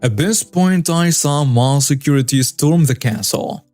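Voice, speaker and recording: A man's voice: fairly high pitch, unhurried, a little mellow, dry recording. A man narrating a customer-service story in a wry, conversational way. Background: faint background music.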